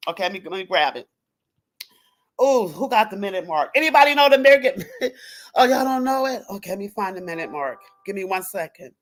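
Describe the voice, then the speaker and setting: A woman hosting a casual livestream, talking straight to her viewers in an animated, profane way. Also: medium pitch, brisk. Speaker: livestream host. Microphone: computer or phone mic on a live stream.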